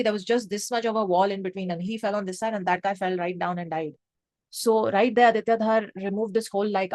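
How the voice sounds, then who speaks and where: An excitable young woman talks through a film scene by scene in a casual review. Her speech is emphatic and full of fillers, with swearing and Hindi phrases slipping in. She sits at a mid pitch in a dry, deadened room. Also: no echo. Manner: swears freely, lots of fillers like 'um' and 'like'.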